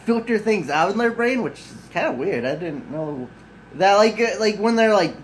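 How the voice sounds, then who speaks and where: A man's voice: sits high, animated, normal speed, a little hiss or hum, poor audio. A man rambling through a casual vlog at home right after waking up. He swears freely, keeps sidetracking himself and leans on "like" and "you know". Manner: rambling, loose and profane, full of "like" and "you know"; self-mocking and easily sidetracked. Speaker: vlogger. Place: at home at his desk, just woken up. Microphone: camera mic off to the side.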